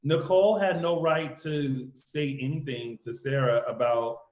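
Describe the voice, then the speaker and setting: A man co-hosting a casual recap podcast from home, animated and acting out the characters' lines as he talks. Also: medium pitch, measured pace, echoey room. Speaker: podcast co-host. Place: room at home.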